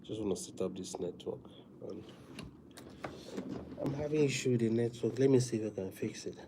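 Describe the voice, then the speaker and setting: A man chatting casually to viewers on a live stream, talking softly with many fillers because he is feeling weak. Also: on the low side, noisy background. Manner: soft, drawn-out talk with many fillers.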